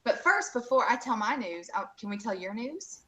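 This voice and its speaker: Bright, lively woman on a video call. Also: a little high, normal speed. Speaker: co-host. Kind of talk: casual live-stream chat.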